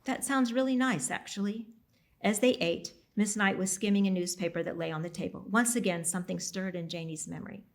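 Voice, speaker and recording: A woman author reading her own novel aloud at a library event, steady, with the odd slip and apology. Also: on the low side, fast talker, vocal fry, few pauses.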